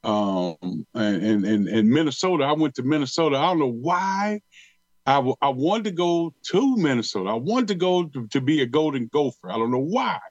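Here's a middle-aged former pro football player from Detroit, chatting casually in an interview and telling lively stories at a normal speed. His mid-range voice drawls, loops back over the same words, and stays heavy on slang. There's no room sound, and the quality is lo-fi.

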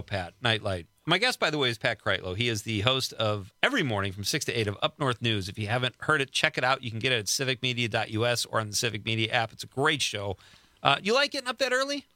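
Bright-voiced chatty male host. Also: medium pitch, sing-song, quick pace, no echo. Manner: joking, chatty interviewer. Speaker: show host. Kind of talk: casual interview.

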